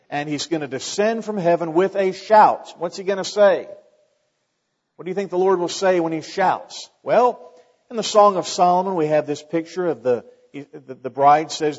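A man's voice: a little high, a little mellow. A man preaching a sermon as a pastor, in a conversational way with wry asides. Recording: long hall reverb, dull lo-fi sound.

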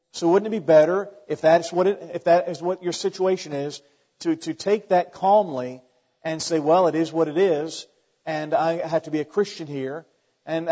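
A man's voice: a little high, a little mellow. Guy preaching a sermon, chatty with lots of questions to the crowd, kinda dull lo-fi sound in a big echoey hall. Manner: conversational preaching with rhetorical questions and asides. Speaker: pastor. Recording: dull long reverb in a large hall.

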